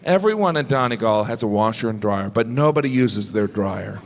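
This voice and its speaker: A middle-aged man from the United States doing a stand-up comedy set, deadpan and observational, jumping into high-pitched asides. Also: a little fast. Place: large theater before a live audience. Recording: reverberant hall with live audience noise.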